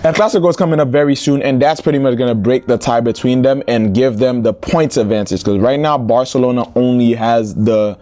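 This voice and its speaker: A man's voice: mid-range voice, fairly quick, hardly any pauses, mellow. A young man hosting football news, chatty and joking, with slangy asides. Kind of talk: casual football news commentary.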